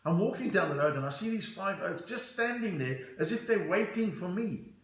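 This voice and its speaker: Man, South African accent, middle-aged, stand-up comedian, chatty storyteller, highish voice, roomy echo. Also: animated, normal speed, fairly bright tone. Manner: chatty, reads out viewer comments, storytelling. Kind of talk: live-stream comedy chat.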